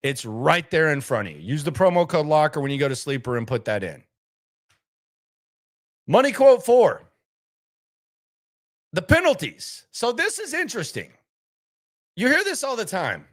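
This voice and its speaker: A man's voice: a little high, huge pitch swings, normal speed, pauses often. A man hosting a live sports talk stream, emphatic and repetitive, hammering his points home and rambling with restarts and asides. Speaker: sports talk show host.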